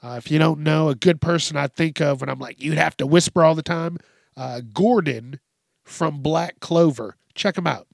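A man's voice: fairly high pitch, normal speed, vocal fry, no room sound, clean studio sound. A man hosting a casual solo podcast, talking loosely, swearing and drifting between topics with frequent restarts. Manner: frequent restarts and repeated words. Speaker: podcast host.

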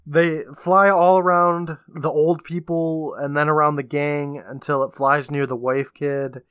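A man's voice: a little high, little pitch movement, measured pace, fairly bright tone, smooth, dry recording, studio quality. A man co-hosting a podcast, animatedly retelling a TV episode in casual chat and laughing often. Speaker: podcast co-host.

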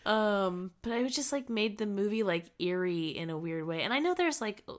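A woman's voice: animated, normal speed. A woman co-hosting a casual podcast, rambling and giggly as she talks it through. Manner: rambling and giggly, quoting with big jumps up in pitch. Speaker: podcast co-host. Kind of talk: casual chat.

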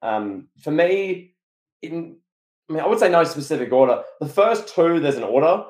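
A man co-hosting a podcast, telling a story in an animated, excitable way. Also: a little high, normal speed. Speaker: podcast co-host. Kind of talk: casual podcast chat. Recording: echoey room.

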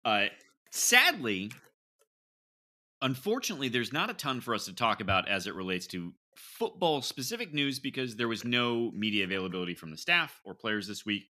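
A man's voice: medium pitch, lively intonation, moderate pace, sharp tone. A man hosting a casual sports podcast, bantering loosely and laughing through his lines. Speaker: podcast host.

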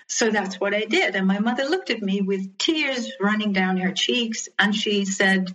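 A woman in her fifties speaks in an earnest, reflective way, pausing on ums and restarting her sentences as she tells her own story. Her pitch sits in an ordinary middle range. The sound is dull and lo-fi, like a remote call. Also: fairly bright tone. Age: 50s. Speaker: interview guest. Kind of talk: personal storytelling in an interview.

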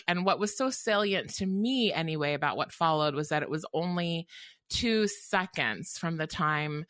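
A woman's voice: lowish voice, sharp tone, no room sound. A woman author in an interview, speaking thoughtfully and earnestly, with frequent ums and restarts. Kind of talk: reflective interview talk.

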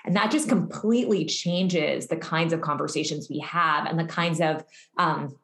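A woman researcher speaks earnestly and fluently in long sentences. Her voice is fairly low. It carries a roomy echo around it. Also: moderate pace. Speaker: researcher guest. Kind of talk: explanatory interview answer.

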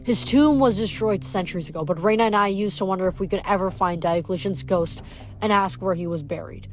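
A woman reading the lines of an earnest, steady young male demigod leader who explains things patiently, in a storybook reading. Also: medium pitch, brisk, close to an everyday voice.

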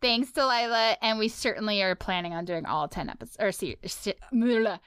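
Smooth-voiced woman co-hosting a podcast. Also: mid-range voice, fairly quick, fairly bright tone, no echo, studio quality. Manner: friendly, easygoing. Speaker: podcast co-host. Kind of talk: casual chat, reading listener mail.

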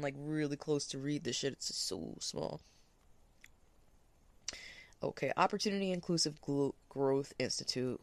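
A woman's voice: low voice, no echo. A woman hosting a solo podcast, reading blog posts aloud and breaking off with blunt, profane, scornful remarks. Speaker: podcast host.

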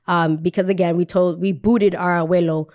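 A woman's voice: on the low side, steady tone, moderate pace, a little mellow. A young adult woman hosting a podcast, telling a personal story in a casual, chatty way, repeating phrases for emphasis and saying "like" often.

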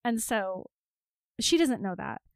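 Slow, emphatic woman chatting. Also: a little high, animated, dry recording, clean studio sound. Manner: emphatic, exclaiming, laughs often, unhurried. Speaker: podcast co-host. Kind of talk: casual book-club chat.

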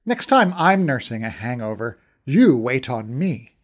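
A man voicing a gruff, blunt male companion from a fairy land in an audiobook, grumbling and cursing. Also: medium pitch, very animated, unhurried. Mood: teasing. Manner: blunt, grumbling, curses a lot. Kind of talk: audiobook character voice.

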